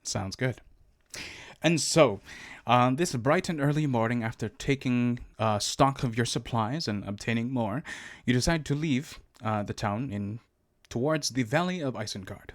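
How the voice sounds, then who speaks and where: Man, game master, tabletop narration, relaxed, fillers, mid pitch, dry sound. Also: unhurried, no echo.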